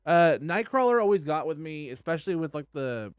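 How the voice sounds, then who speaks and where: A man chatting casually on a podcast, excited and rambling, with lots of "like". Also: a little high, brisk, clean tone, no room sound. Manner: excited and rambling, heavy use of "like".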